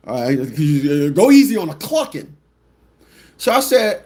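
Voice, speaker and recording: A man hosting a livestream talk show, telling a story bluntly and mockingly, repeating phrases and mimicking people with shrill squawks. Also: big pitch swings, slow, darkish tone. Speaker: radio show host.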